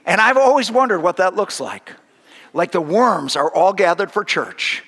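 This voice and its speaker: Pastor guy giving a sermon, high bright voice, chatty and joking, long echo of the church hall. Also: lively intonation, normal speed. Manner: conversational, humorous storytelling with frequent restarts.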